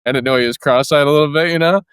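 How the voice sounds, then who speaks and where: A man's voice: fairly high pitch, very fast, smooth, no echo, clean studio sound. A man, a former Marine guest on a podcast, swearing freely and laughing through his stories. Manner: profane, laughing, bursts into loud shouted impressions. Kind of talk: casual storytelling.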